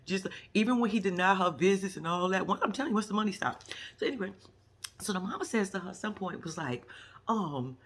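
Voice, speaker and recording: Sassy animated woman recapping reality TV. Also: medium pitch, quick pace, slightly rough. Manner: sassy, animated storytelling with acted-out quotes and laughs. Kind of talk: casual reality show recap.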